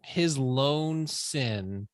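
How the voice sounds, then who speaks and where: Halting, sympathetic man on a podcast. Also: medium pitch, animated, clean tone, no echo. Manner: halting, sympathetic, searching for words. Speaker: podcast co-host. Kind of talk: casual music discussion.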